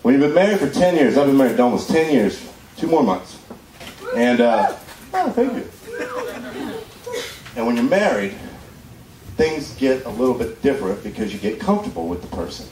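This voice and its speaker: A man's voice: medium pitch, moderate pace, pauses often, recorded from a distance. A man in his thirties doing a stand-up comedy set, telling stories and acting out the voices of people in them. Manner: animated storytelling, acting out voices. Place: comedy club stage. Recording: echoey club, recorded from afar, noisy. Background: audience laughter.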